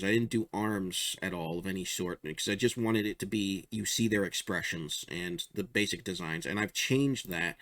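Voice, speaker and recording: A low-pitched man chats about his own comic strips in a loose, rambling way, often chuckling at his own jokes. The sound is dry and close, with no room echo. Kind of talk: casual show-and-tell commentary.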